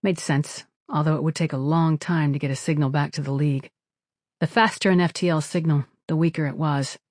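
A narrator reading a science fiction novel in steady, even scripted narration. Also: mid-range voice, a little fast, no echo, studio quality. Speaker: audiobook narrator.

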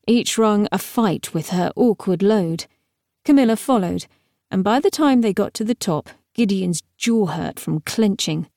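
A woman narrating an audiobook in a measured, expressive way. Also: medium pitch, vocal fry, no echo, studio quality. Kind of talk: scripted narration.

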